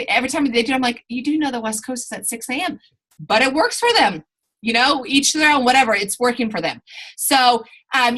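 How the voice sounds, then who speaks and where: A woman's voice: on the high side, sharp tone, rough recording. A woman coaching her sales team in a live online training, chatty and rambling, often stopping to correct herself.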